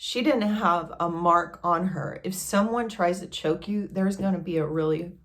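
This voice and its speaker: A woman's voice: on the low side, moderate pace, fairly bright tone. A woman vlogger telling a personal story in a candid, conversational way.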